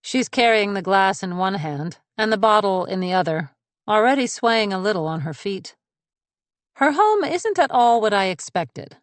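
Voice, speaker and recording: A woman's voice: mid-range voice, lively intonation, moderate pace, no room sound. A woman narrating a first-person thriller audiobook in a cool, observant, composed way.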